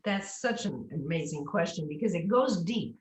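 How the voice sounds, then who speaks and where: A woman's voice: on the low side, moderate pace. A woman speech coach talking on a video call, explaining pronunciation and sounding words out as examples. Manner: animated, demonstrates pronunciation aloud. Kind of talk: coaching interview. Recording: echoey room.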